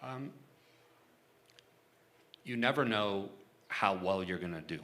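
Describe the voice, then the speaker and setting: A man's voice: fairly low pitch, animated, slow, a bit bright, slight background noise. A man being interviewed onstage about his work negotiating for hostages, talking casually and frankly, chuckling often and restarting his sentences.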